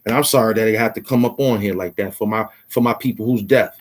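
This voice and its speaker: A man, hosting his own channel and lecturing straight to camera in an impassioned, slangy rant from a warm indoor room. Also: on the low side, fast talker. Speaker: YouTube host.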